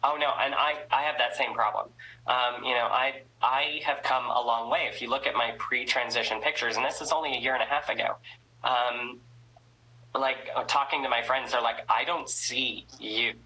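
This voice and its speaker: A woman's voice: rumbling low, fairly even intonation, normal speed, sharp tone, rough recording. A woman hosting a casual video chat. She is stuffy from a cold and talks in a chatty, candid way, lifting the ends of her sentences. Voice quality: trained singing voice.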